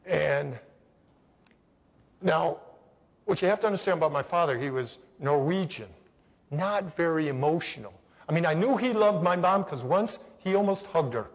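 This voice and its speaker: A man from Connecticut giving an animated storytelling keynote, speaking straight to the audience and acting out the people in his story. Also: sits high. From Connecticut, USA. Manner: animated, acts out voices, addresses the audience directly. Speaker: motivational speaker. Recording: long reverb of a large hall.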